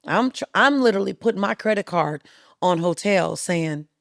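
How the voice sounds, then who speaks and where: A middle-aged woman telling a story as a guest in a podcast interview, lively and acting out the voices of the people she quotes. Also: mid-range voice, normal speed, gravelly, dry recording, clean studio sound. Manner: animated, acts out quoted voices. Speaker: guest speaker.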